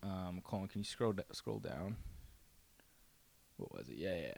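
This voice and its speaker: A young man co-hosting a podcast, relaxed, reading out odd headlines from his notes in casual chat. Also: deep voice, unhurried, gravelly. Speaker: podcast co-host.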